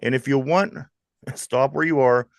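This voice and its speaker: A man's voice: medium pitch, a little slow, creaky, no echo. Chatty Pittsburgh man hosting sports talk. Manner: lively, jokey, laughs often. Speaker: host.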